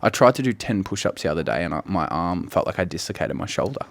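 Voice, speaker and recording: A man's voice: low-pitched, sing-song, fast, vocal fry. A man, co-hosting a casual, jokey podcast chat. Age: 30s. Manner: laid-back, jokey, laughs often. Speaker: podcast co-host.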